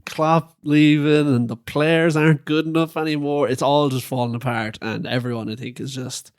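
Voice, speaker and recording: Higher-voiced man laughing through chat. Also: flat delivery, moderate pace, smooth, dry recording, clean studio sound. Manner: laughing, blunt remarks. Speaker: podcast co-host. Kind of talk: casual football chat.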